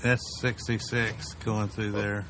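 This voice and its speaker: A man in a casual podcast chat, recalling places slowly with pauses and drawn-out words. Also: lowish voice, flat delivery, heavy background noise. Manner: slow, drawn-out recollection with pauses.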